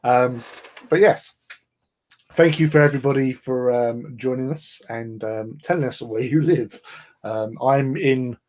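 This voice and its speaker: A man's voice: mid-range voice, measured pace, darkish tone. Chatty English man with many fillers. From England. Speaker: livestream host. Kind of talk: casual chat.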